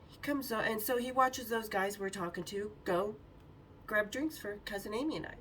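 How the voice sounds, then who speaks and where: A woman podcast host telling a story casually, animated and profane, acting out quotes. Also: medium pitch, normal speed, recorded from a distance, a little hiss or hum, low-quality recording.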